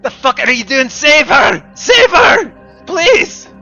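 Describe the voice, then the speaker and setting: A man voicing a panicked man pinned under a statue, shouting frantic pleas. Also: very high-pitched, very animated, takes it slowly, gravelly, highs cut off, soft background music, pitched above the performer's own voice, exaggerated voice. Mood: desperate shouting.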